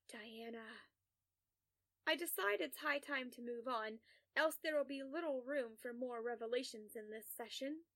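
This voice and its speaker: A woman reading a first-person story aloud in a measured, condescending therapist's manner. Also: high-pitched, pushed and bright. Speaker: narrator.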